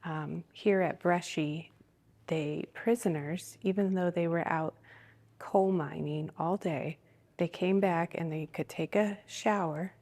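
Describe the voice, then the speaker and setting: A woman vlogger giving steady, informative narration on a tour of an old prison. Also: fairly low pitch, slow pace.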